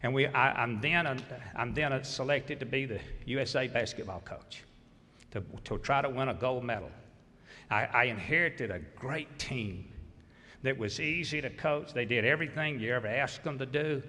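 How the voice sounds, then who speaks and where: A man's voice: medium pitch, moderate pace, pushed and bright. A man in his sixties from Mississippi with a Southern accent, giving a folksy, grateful and humorous acceptance speech as a basketball coach. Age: 60s. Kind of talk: hall of fame acceptance speech. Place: large hall. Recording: echoey hall reverb.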